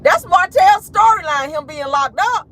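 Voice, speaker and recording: A woman hosting a casual celebrity gossip vlog, sassy and animated, laughing and talking straight to her viewers. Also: very high-pitched, normal speed. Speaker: host.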